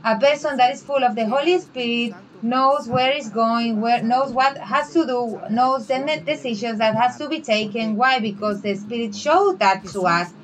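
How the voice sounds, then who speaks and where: A woman preaching a fervent sermon in halting English, raising her voice when she quotes Bible figures. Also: on the high side, rough recording. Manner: halting, non-native English with restarts.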